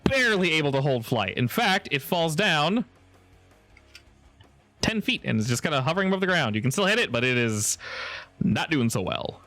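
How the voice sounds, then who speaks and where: A man's voice: fairly high pitch, very animated, bright, forceful tone, faint music behind. A man narrating a tabletop game as game master, playful and helpful with the players. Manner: playful, quick to laugh, helpful.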